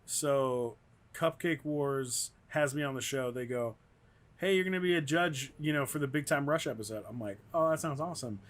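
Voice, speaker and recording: Rambling, animated man telling stories. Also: medium pitch, normal speed. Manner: rambling, animated, acts out quotes in raised voices. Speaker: guest comedian. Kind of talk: casual storytelling chat.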